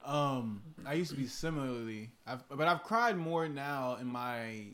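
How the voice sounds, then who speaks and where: A man in his twenties talks in a relaxed, wry manner, dropping slang. His voice is an ordinary middle pitch in casual podcast talk. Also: a little slow. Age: 20s. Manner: laid-back, wry, slangy. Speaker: podcast co-host. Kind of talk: casual chat.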